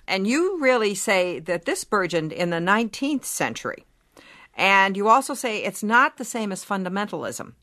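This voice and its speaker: A woman hosting an interview, asking measured, clear questions. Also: medium pitch, sing-song, pushed and bright, no room sound. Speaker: interviewer, host.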